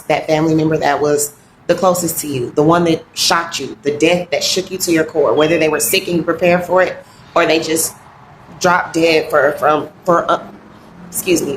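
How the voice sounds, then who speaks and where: A woman coaching on grief and wellness in a heartfelt, halting, reflective way, sounding close to tears. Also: low voice, slight background noise. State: fighting back tears. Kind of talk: earnest motivational talk. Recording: roomy echoey room.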